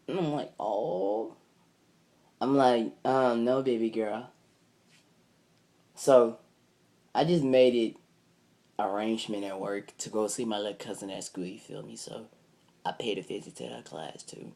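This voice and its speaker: A man's voice: on the low side, a little slow, gravelly, pauses often, warm tone. A young man vlogging a casual, rambling story, swearing freely and retelling it line by line. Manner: rambling, profane, retells with "I'm like".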